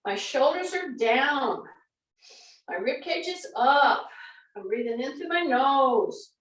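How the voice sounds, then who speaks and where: Woman fitness coach, high-pitched, talks slowly, recorded at a distance in an echoey room. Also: expressive, fairly bright tone. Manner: coaching, counting cues and repeating instructions. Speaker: fitness instructor. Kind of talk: guided exercise class. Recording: echoey room, away from the mic.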